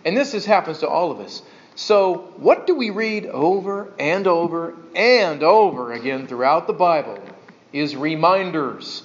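A male pastor preaches a sermon in a lively, animated style at a measured pace. His voice is fairly high for a man, and he keeps slipping into small acted-out voices and rhetorical questions. The recording sounds somewhat muffled and dull.

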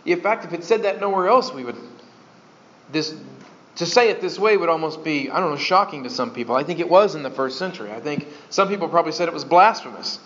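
A man teaching a sermon to a congregation, folksy and animated, with joking asides. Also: a little high, fast. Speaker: pastor. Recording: dull lo-fi sound.

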